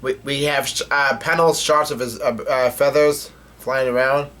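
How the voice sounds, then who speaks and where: A man's voice: medium pitch, steady tone, moderate pace, a bit bright. A man hosting a casual comic read-through, rambling with lots of fillers and swearing freely. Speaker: manga reading channel host.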